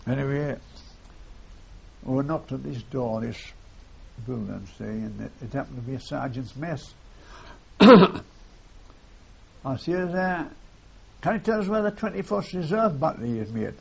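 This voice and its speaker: Older man telling war memories, gravelly, rambling, muffled old tape. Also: medium pitch, expressive, a little slow, pauses often. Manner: rambling, repeats phrases, tags lines with "see". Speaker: war veteran interviewee. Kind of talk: oral history reminiscence. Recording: dull lo-fi tape with faint hiss.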